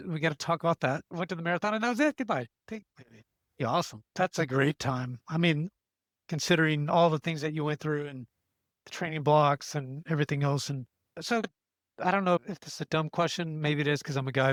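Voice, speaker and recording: A man's voice: a little high, fairly bright tone, no room sound. A middle-aged man hosts a casual interview, chatty and encouraging, rambling with restarts. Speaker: podcast host.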